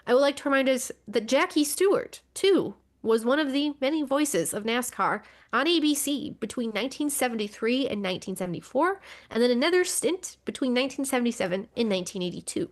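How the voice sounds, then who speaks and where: A woman's voice: fairly high pitch, animated, brisk, hardly any pauses. Wry, exasperated woman podcast co-host. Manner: wry, exasperated, swears casually. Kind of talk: casual motorsports news chat.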